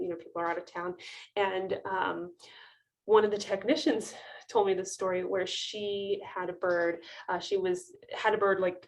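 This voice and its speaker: A woman veterinarian in her thirties talks through a webinar from a video call. She tells clinic stories in a loose, chatty way, laughing often and restarting her sentences. Her voice sits in a middle pitch. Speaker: avian veterinarian. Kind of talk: webinar talk, casual storytelling.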